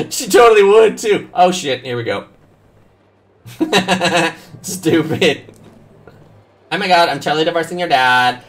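This is a gaming streamer playing a video game and chatting casually, telling profane, joking stories with animated energy. He speaks in a fairly high voice, a little slowly, pausing often. Faint game music can be heard behind him.

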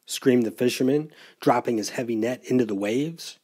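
A man reading a children's picture book aloud at a library storytime, in an expressive, playful storyteller voice. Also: medium pitch, measured pace, few pauses, slightly rough.

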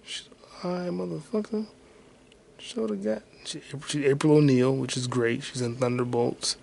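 A man's voice: mid-range voice, normal speed, creaky, breathy edge. A man hosting his own podcast alone, rambling profanely while he looks things up online and thinks aloud. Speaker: podcast host. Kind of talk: casual solo podcast rambling.

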